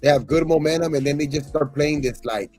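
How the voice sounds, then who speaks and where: A man's voice: a little high, brisk, a little mellow, faint music behind. A man co-hosting a sports podcast, ranting in a casual, frustrated way with constant swearing and repeated words. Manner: frustrated, profane, repeats himself. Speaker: podcast co-host. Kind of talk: casual postgame rant.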